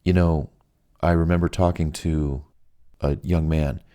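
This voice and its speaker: A man giving relaxed, unhurried advice, drawing out his words with long pauses, reading his own audiobook. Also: extremely low pitch. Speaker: audiobook author and narrator. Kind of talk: relaxed advice talk, slow and soothing.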